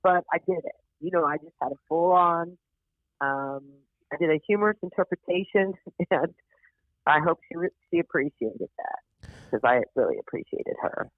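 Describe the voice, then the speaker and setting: Here a female comedian guesting on a podcast spins an animated, profanity-laced anecdote, mimicking each character's voice. She talks at a moderate pace with a fairly low pitch, captured dry through tinny, telephone-like sound.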